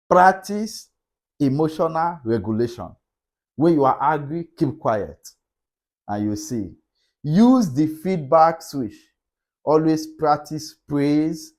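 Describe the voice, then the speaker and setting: A man's voice: fairly high pitch, darkish tone. Emphatic man teaching on relationships. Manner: repetitive, emphatic, preacher-like cadence. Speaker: relationship speaker. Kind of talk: motivational teaching talk.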